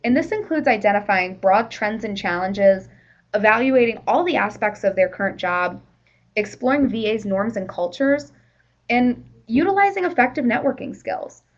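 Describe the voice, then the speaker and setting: Woman, training presenter, slightly high voice, conversational, explanatory. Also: expressive, normal speed, rough recording. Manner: conversational, explanatory, with fillers like "you know".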